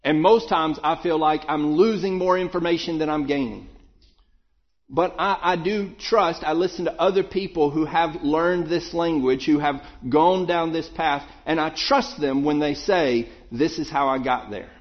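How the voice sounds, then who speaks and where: A man's voice: a little high, a little slow. A man with a slightly raised voice preaching a sermon in an easy, conversational way. He often circles back and repeats words as he thinks aloud. The recording sounds dull and lo-fi. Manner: conversational, thoughtful, with frequent restarts and repetitions.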